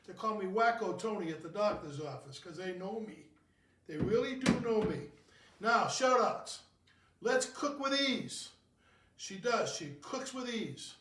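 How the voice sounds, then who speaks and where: Mixing a drink in his home kitchen, a cocktail show host rambles on jokingly and mocks himself. His high-pitched, fairly bright voice is picked up by a distant mic, giving a roomy, off-mic sound.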